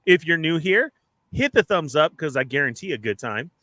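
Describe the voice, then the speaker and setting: Man, live-stream co-host, bright forceful voice, fairly high pitch, dry close sound, upbeat, joking. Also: big pitch swings, normal speed, no room sound. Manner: upbeat, joking, rattling off plugs and shout-outs. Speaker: co-host of a toy podcast. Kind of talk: casual live-stream chat.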